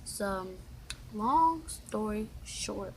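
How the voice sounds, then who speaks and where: A young woman vlogger telling a storytime in casual, slangy, animated chat. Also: medium pitch, drawn-out words, a little hiss or hum, low-quality recording.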